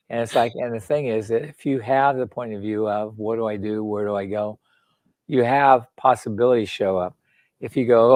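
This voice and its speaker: A man's voice: medium pitch, moderate pace, a little mellow, no echo. An older man, an author and founder, talking bluntly in a casual interview, swearing freely and telling jokes. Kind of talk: casual conversation.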